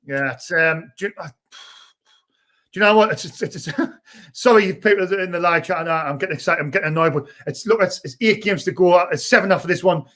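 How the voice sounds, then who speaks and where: Fan-channel host: young man, high-pitched, eager match commentary. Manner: shouts and rushes during attacks, chats between. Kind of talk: excitable live fan commentary.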